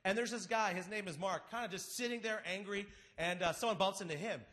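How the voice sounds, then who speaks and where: A man's voice: high voice, brisk. A man in his thirties telling a comedic personal story live on a theater stage into a microphone, acting out the voices of his friends. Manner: animated, acts out friends' voices. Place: large theater stage before an audience.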